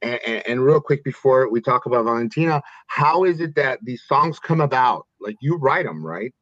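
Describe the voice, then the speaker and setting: A man's voice: mid-range voice, expressive, moderate pace, a bit bright, dry recording. A man hosting a casual interview, enthusiastic and effusive, often stumbling and restarting. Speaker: podcast host. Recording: dull dry podcast mic.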